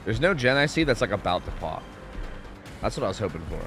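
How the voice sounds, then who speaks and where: Male streamer, lively pitch, profane and animated play-by-play, game music running behind. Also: quick pace. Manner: swearing, animated, yells at the screen, hums to himself. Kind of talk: casual gameplay commentary.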